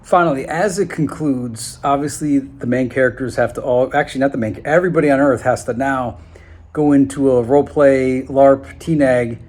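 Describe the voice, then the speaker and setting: A man at an ordinary middle pitch talks his thoughts through in a loose, musing monologue. He slows right down when he wants a point to land, then picks up speed again. He acts out the lines other people said to him. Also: darkish tone. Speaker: vlogger. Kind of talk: casual monologue.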